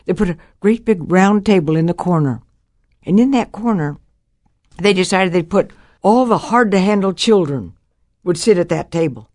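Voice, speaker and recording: An older woman giving a personal testimony, telling a childhood story and acting out the voices with big jumps in pitch. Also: normal speed, no echo, studio quality. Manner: animated, acts out quotes with big pitch jumps.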